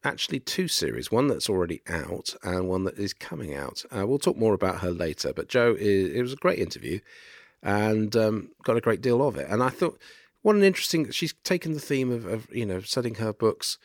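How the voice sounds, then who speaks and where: A man co-hosting a book podcast, sounding deeper and throaty from a virus, talking with hesitant restarts. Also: very animated, fairly quick, dry recording, studio quality. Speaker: podcast co-host and publisher. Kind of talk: casual podcast chat.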